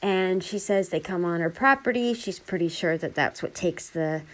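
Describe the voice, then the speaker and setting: A woman casually retelling a bizarre encounter in a chatty, animated way, full of quoted dialogue. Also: fairly low pitch, moderate pace. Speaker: storyteller.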